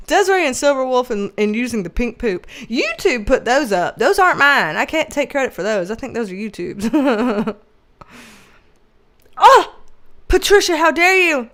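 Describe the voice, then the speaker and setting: A woman hosting a casual livestream, reading chat aloud, loud and animated, laughing and swearing often. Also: sits high, moderate pace.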